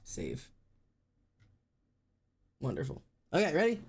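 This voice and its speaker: A man with a sore throat, chatting casually on a livestream while he draws, rambling and swearing freely in a deliberately low-energy way. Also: huge pitch swings, gravelly, breathy edge.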